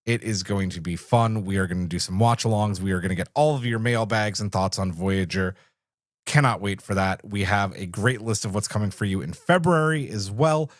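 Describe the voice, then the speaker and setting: A man hosting a podcast, chatting casually in an animated, jokey way. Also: lowish voice, brisk, dry recording, clean studio sound. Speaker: podcast host. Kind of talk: casual chat.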